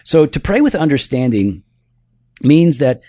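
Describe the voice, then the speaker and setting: A man's voice: medium pitch, very animated, measured pace, warm tone, slightly rough, no echo. A man co-hosting a casual podcast, teaching theology step by step and checking in with "right?" as he goes, with a dry, teasing humor. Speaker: podcast co-host.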